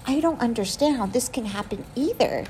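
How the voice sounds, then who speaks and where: A woman reading the lines of a firm, caring family friend in a story, forceful yet gentle. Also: fairly high pitch, lively intonation, fairly quick, background noise, voice pushed up, natural voice. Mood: indignant. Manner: forceful, indignant, then gentle.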